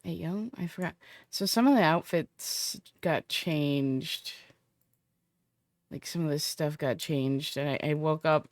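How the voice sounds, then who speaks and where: A woman's voice: sits low, takes it slowly, no room sound. A woman streamer chatting casually and profanely with her viewers, rambling half to herself. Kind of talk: casual chat to stream viewers while setting up a roleplay character.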